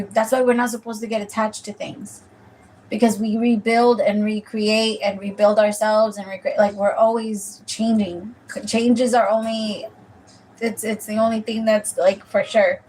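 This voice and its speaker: A woman with a fairly high voice gives a loose, conversational tarot reading, drifting off into side stories. She swears freely and keeps calling the viewer "my love". A faint hum sits under her voice. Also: warm tone, poor audio. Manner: chatty and rambling, swears freely; addresses the listener as "my love". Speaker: tarot reader.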